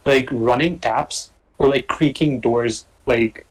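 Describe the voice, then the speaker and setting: A young man telling a story in casual chat over a remote call, rambling and filling every pause with "like". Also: medium pitch, a crowd in the background, low-quality recording. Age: young adult. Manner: rambling, full of "like" fillers.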